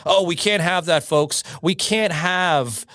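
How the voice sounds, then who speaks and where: A man's voice: sits high, slow pace, a bit bright, no room sound, studio quality. Fired-up, cursing male podcast host. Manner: profane, fired-up and repetitive; hammers on short slogans. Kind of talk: opinion podcast rant.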